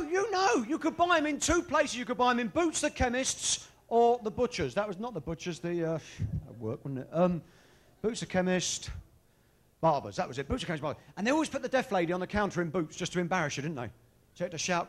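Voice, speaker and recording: A man delivers a stand-up set in a strikingly high voice. His pitch swings widely as he goes. He teases the crowd with cheeky, bawdy banter. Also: fairly bright tone. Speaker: stand-up comedian. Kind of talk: stand-up comedy routine. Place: live comedy venue with audience.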